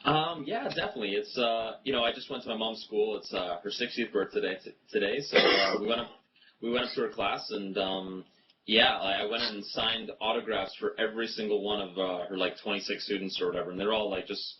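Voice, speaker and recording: Easygoing, laughing man, slightly low voice. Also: fairly even intonation, brisk. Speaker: interview guest. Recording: muffled, with noticeable background noise.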